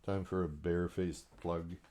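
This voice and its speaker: A man's voice: low voice, fairly even intonation, normal speed, noisy background. A man reading aloud from his own novel with a dry, wry delivery. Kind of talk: serialized book reading.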